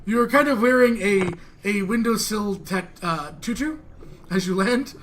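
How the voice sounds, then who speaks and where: High, lively man running a tabletop game. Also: a little slow, a little hiss or hum. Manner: animated, laughing through narration. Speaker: game master.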